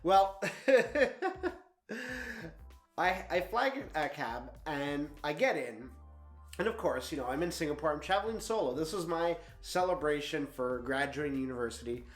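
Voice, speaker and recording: A young man in his twenties telling a travel story in a vlog, animated and laughing often as he talks. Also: fairly high pitch, moderate pace, echoey room, faint music behind. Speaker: travel vlogger.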